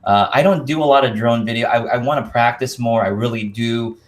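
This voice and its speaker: A man's voice: mid-range voice, a little fast. A man hosts a casual live stream, reading out viewer comments and answering them. He sounds easygoing and laughs often. He stumbles a little over unfamiliar names.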